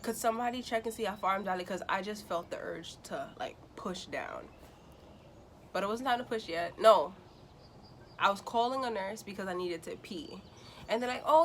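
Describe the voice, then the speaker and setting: A woman's voice: mid-range voice, slight background noise. A young woman telling a casual storytime vlog, acting out the people she quotes. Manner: animated, acts out quotes in other voices. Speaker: vlogger.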